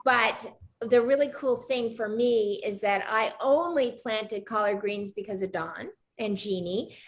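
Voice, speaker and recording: A woman's voice: mid-range voice, unhurried. A woman hosting a cooking show over a video call, telling stories in a chatty way and asking eager follow-up questions. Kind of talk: casual video-call chat.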